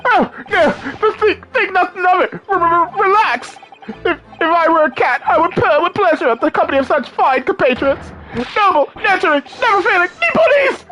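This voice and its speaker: A woman's voice: very high-pitched, lively intonation, moderate pace, over music, poor audio. Woman voicing a shrieking, melodramatic young scholar. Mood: overjoyed. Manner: shrieking, stammering, melodramatic wails. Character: excitable, theatrical young Japanese scholar man. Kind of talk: video game let's play voice acting.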